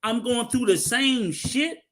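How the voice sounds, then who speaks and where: A man co-hosting a podcast, swearing a lot and telling animated stories in casual chat. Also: very high voice, slow. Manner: profane, animated storytelling. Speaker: podcast co-host.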